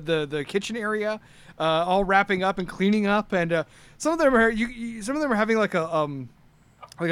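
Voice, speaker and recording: A man narrating a tabletop game as game master, halting often and restarting his sentences. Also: sits high, a bit bright, clean tone, no echo. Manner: halting, full of fillers and restarts.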